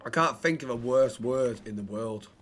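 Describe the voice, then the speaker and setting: A man's voice: medium pitch, moderate pace, fairly bright tone, slight background noise. A man, casually bantering and joking while streaming a roleplay game. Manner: joking, sweary, chats to viewers. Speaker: streamer playing a roleplay character.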